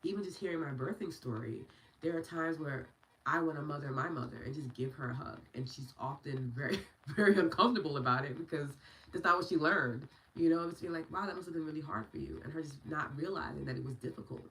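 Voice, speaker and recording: A woman's voice: low-pitched, fast, gravelly, slight background noise, low-quality recording. A woman in her thirties hosting a meditation and EFT livestream, affirming viewers and answering their comments by name in casual chat. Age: 30s.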